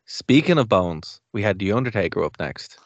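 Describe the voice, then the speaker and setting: A man's voice: fairly low pitch, very animated, normal speed, dry recording, muffled recording. A man co-hosting a wrestling podcast, talking in an easygoing, casual way and laughing often. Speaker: podcast co-host. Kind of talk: casual chat.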